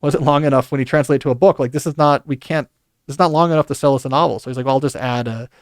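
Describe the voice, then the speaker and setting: A man's voice: a little high, steady tone, very fast, dry recording, clean studio sound. A man hosting a podcast, talking through a casual book review in a rambling, conversational way with asides. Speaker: podcast host.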